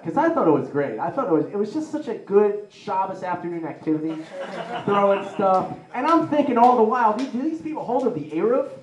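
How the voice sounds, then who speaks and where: Male stand-up comic, rambling excitable delivery, bright high voice, roomy live recording. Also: muffled recording. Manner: rambling, excitable, heavy use of "like". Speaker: stand-up comedian. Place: live comedy venue with an audience. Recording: roomy echoey live room.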